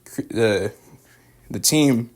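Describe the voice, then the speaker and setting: A man's voice: medium pitch, lively intonation, very slow, darkish tone, breathy edge. A young man recapping and reviewing a show in a loose, rambling way, full of fillers and slang. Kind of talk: casual spoken recap and review.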